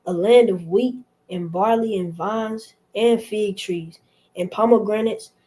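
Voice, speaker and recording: Mellow-voiced woman reading scripture. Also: mid-range voice, unhurried, rough recording. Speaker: scripture reader.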